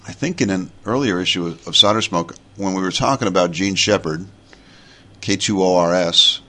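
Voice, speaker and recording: A man's voice: low voice, moderate pace, sharp tone. A man in his forties from New York, with a New York accent, hosting a podcast in a rambling, chatty monologue full of fillers and restarts. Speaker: podcast host.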